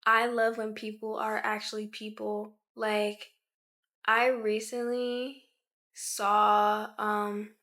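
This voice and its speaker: A woman's voice: medium pitch, little pitch movement, takes it slowly, sharp tone. A twenty-year-old woman from Maryland, chatting through a casual question-and-answer vlog and filling her talk with lots of "like". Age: 20 years old. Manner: chatty, with many filler "like"s. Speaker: YouTuber.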